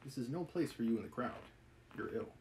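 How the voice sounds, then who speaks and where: A man reading a novel aloud, voicing a calm, kindly middle-aged official who speaks gently and with concern. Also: medium pitch, brisk, a little hiss or hum, lightly acted, rough recording.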